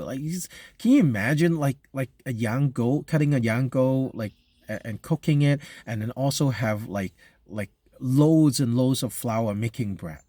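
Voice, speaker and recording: Pastor, male, mellow tone, dry close sound, chatty sermon full of ums and restarts. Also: medium pitch, dry recording. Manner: conversational, halting with many fillers and restarts. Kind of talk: sermon reading scripture and explaining it.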